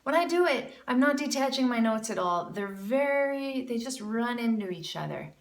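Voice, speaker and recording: A woman's voice: on the high side, animated, normal speed. Woman teacher scat-singing in a roomy space. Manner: demonstrates scat syllables by singing; encouraging, chatty. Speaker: jazz vocal teacher. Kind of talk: music lesson critique. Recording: roomy, a bit far from mic, with music.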